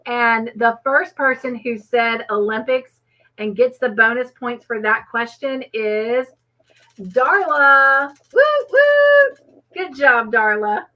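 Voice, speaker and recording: Her voice is a little high with a sharp tone and fairly even intonation, and she speaks slowly. She's hosting a casual trivia stream from home, chatty and often laughing as she reads chat names aloud to thank viewers, over dull lo-fi audio.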